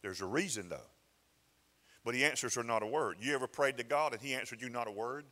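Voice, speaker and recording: Pastor preaching with bright church reverb. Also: male voice, mid-range voice, fast talker. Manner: conversational preaching with repeated restarts and folksy asides. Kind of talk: sermon. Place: church sanctuary.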